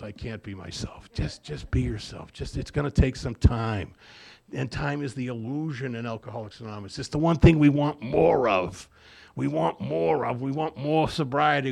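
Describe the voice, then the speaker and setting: Older guy with a gravelly voice sharing at a recovery meeting, tells it like a story, does all the voices. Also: medium pitch. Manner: storytelling, acts out dialogue, repeats phrases. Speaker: AA speaker. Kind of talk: speaker share at a recovery meeting.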